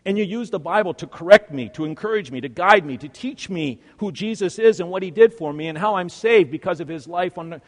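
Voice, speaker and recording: Man, slightly high voice, earnest first-person sermon, long hall reverb. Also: expressive, brisk, hardly any pauses. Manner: earnest, swings between hushed and loud.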